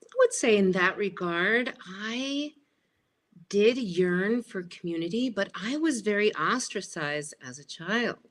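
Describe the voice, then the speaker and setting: A woman in her fifties, an interview guest, telling childhood stories in an animated way and acting out the voices in them. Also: mid-range voice, takes it slowly. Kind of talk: storytelling interview.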